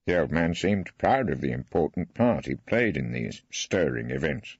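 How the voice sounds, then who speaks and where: Husky male audiobook narrator. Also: low-pitched, sing-song, moderate pace, hardly any pauses, dry recording. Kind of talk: first-person scripted narration. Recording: dry, slightly dull studio.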